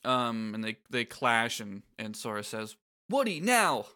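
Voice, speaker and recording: A man's voice: fairly low pitch, flat delivery, measured pace, sharp tone, clean tone. A man co-hosting a podcast, recapping a game in casual chat, wry and sarcastic, swearing casually. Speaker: podcast co-host.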